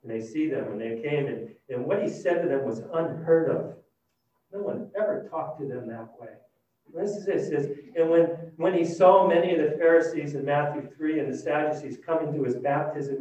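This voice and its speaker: A man preaching a sermon, retelling a scripture story with animated, dramatic shifts between loud and hushed delivery. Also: fairly high pitch, moderate pace. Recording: distant, dull and very echoey.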